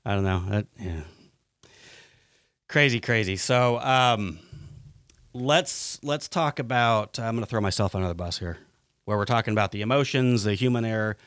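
A man hosting a podcast, telling stories in a lively way and swearing freely. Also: lowish voice, moderate pace, long pauses, clean tone, no echo, studio quality. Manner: animated storytelling, swearing freely. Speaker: podcast host. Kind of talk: casual podcast chat.

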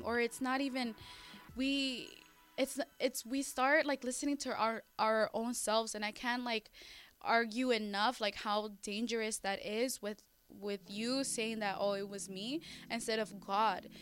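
A woman talks through faith in a relaxed, animated way. She often restarts her sentences. Her voice sits fairly high, with soft music faintly behind her. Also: measured pace. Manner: animated, acts out quotes, frequent restarts. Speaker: co-host of a faith discussion. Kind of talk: casual faith discussion.

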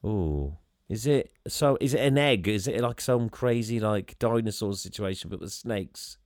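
A man's voice: fairly low pitch, a little slow, a little mellow, dry recording, clean studio sound. A man co-hosting a podcast, giggling and guessing aloud in casual chat. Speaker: podcast co-host.

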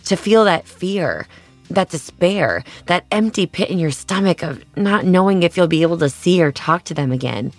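Low-voiced woman narrating a documentary. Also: lively intonation, moderate pace, dry recording, soft background music.

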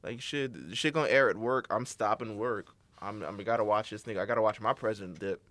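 A man's voice: on the low side, fast talker, a bit bright, no echo. Young male podcast co-host, casual, profane, jokey, laughs a lot. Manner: loose, profane, joking, laughs often. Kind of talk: casual chat.

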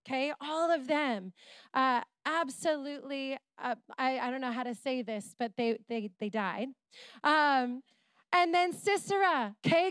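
Woman preacher in her middle years, high bright voice, dry close sound, animated sermon storytelling. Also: no echo. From Canada. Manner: animated, playful storytelling with asides. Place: church.

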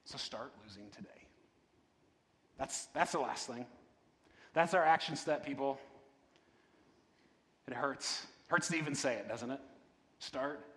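A man's voice: mid-range voice, measured pace, pauses often, sharp tone. A man preaching a sermon in a conversational way, often checking in with the congregation. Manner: conversational, repeats "right?", restarts words. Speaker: pastor. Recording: long reverb of a large hall.

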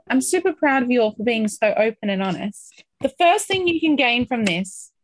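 A woman coaching a group on a call, upbeat and encouraging, talking through feelings and sometimes acting out excitement. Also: on the high side, dry recording. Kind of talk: motivational coaching talk.

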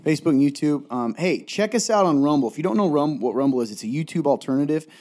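Quick talking guy co-hosting a podcast, warm dark tone, rambly and upbeat with the listeners. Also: on the high side, animated. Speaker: podcast co-host. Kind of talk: casual podcast sign-off.

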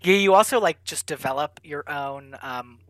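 A man's voice: on the high side, moderate pace, a bit bright, no room sound, rough recording. A young man in his twenties, a public radio reporter, answering interview questions casually with many fillers.

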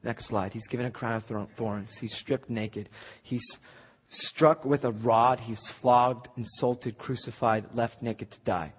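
A young man preaching a sermon, emphatic, building to near-shouts at the high points. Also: steady tone, unhurried, husky. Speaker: pastor. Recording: dull lo-fi recording in a reverberant hall.

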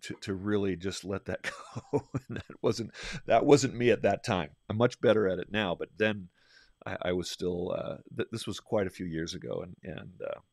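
Low-voiced man telling a workplace story. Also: moderate pace, darkish tone, no echo, studio quality. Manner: rambling, restarts and acts out quotes. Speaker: podcast host, leadership trainer. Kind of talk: conversational storytelling.

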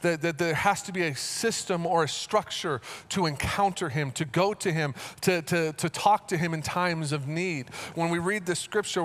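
A male pastor preaches a sermon earnestly, repeating phrases and building into animated storytelling. His voice sits high.

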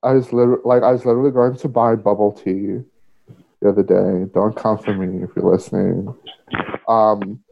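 Candid low-voiced man telling stories. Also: steady tone, moderate pace, creaky. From Australia. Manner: candid storytelling, frequent fillers and swearing. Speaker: podcast guest. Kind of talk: casual conversation. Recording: muffled lo-fi audio.

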